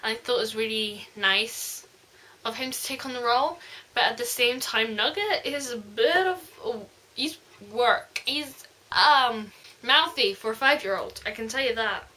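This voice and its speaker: A woman reviewing a book in a casual vlog, gushing and rambling excitedly. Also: on the high side.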